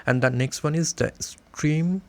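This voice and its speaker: Gravelly-voiced man reviewing a microphone. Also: a little high, measured pace. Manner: plain, step-by-step explaining with non-native grammar slips. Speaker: tech reviewer. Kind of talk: product review demonstration. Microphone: desk condenser mic, close up.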